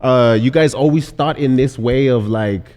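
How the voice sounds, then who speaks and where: A man's voice: mid-range voice, normal speed, a little mellow. Laid-back slangy man hosting a podcast. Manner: laid-back, slangy, often asks "you know what I mean". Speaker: podcast host. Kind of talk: casual podcast interview.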